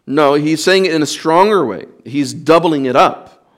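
A man's voice: on the high side, moderate pace. A male pastor preaching a sermon in an earnest, emphatic way, repeating words and restarting phrases.

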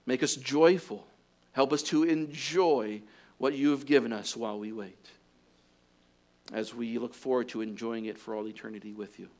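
A man preaching a sermon. He builds to loud, fervent exhortation and then drops to a hushed closing prayer. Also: medium pitch, steady tone, moderate pace. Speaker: pastor.

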